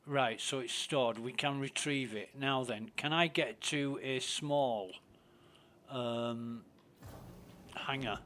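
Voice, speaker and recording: A man's voice: medium pitch, takes it slowly, fairly bright tone. A man ranting casually and with lots of profanity while he plays a game and talks to his stream. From Britain. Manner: profane, indignant, rambling.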